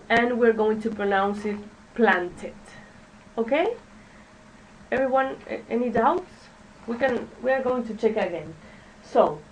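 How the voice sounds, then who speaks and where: A woman teaching an English pronunciation lesson to a classroom, speaking haltingly, drilling words and checking in with "okay?" as the class repeats after her. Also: on the high side, darkish tone. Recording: distant mic with faint background noise.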